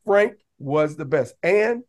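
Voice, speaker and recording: A man talking casually as a podcast guest, telling lively stories and breaking into raised voices to act out what others said. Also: on the high side, slow pace. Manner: animated, laughing, acts out quotes in raised voice. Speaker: podcast guest, basketball coach. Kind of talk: casual storytelling.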